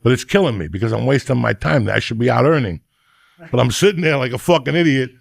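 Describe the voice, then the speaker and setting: A man's voice: mid-range voice, fast, vocal fry, no echo. A middle-aged man, hosting a podcast and telling a profane, rambling comedic rant. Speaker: podcast host.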